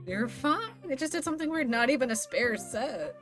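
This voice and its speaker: A woman's voice: high-pitched, normal speed, over music. A woman streaming a game live, reading the dialogue aloud in playful voices and chatting between lines. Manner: animated, reads characters' lines with playful voices and laughs.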